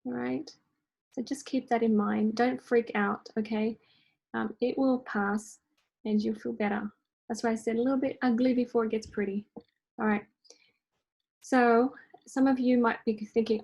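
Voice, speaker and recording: A woman leads an online wellness workshop in a casual, conversational way. Her mid-pitched voice has a gravelly, husky edge. She keeps checking in with her listeners as she goes. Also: rough recording. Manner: chatty, checks in with "okay?" and "right?". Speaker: energy healing workshop host. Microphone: online workshop recording.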